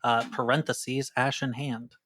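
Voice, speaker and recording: A man acting as game master, relaxed, reading out loot plainly. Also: mid-range voice, measured pace. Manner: relaxed, listing items plainly. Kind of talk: running a tabletop game.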